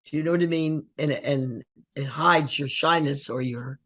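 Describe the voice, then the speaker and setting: Husky older woman telling stories. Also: low-pitched, normal speed. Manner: animated storyteller who acts out quoted voices. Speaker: guest actress. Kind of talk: casual interview chat.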